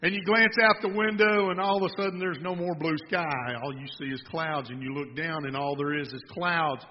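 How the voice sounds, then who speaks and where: A man's voice: fairly high pitch, fairly even intonation, moderate pace. Man, folksy sermon storytelling, long hall reverb, dull sound. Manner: folksy storytelling, joking with the audience. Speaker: preacher.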